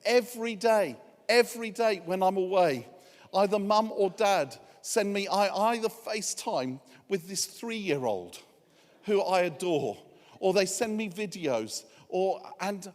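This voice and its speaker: A man's voice: high-pitched, expressive, a little slow, big-room sound. A man preaching a sermon as a guest speaker, telling a humorous story that turns earnest. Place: church hall.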